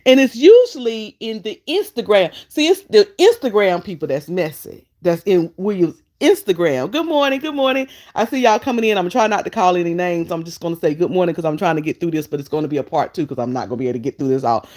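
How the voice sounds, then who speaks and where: A woman's voice: lowish voice, animated, fast talker, hardly any pauses, darkish tone. A woman hosts a casual live stream, scolding and teasing in a sassy way. Her voice swings widely up and down as she talks. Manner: sassy, fussing, talks straight to chat. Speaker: vlogger host.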